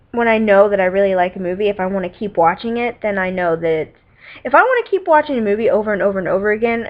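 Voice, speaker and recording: A teenage girl vlogging about movies, chatting casually and rambling with lots of "like" and "um" and giggly asides. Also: mid-range voice. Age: teens. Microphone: webcam. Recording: dull lo-fi webcam audio.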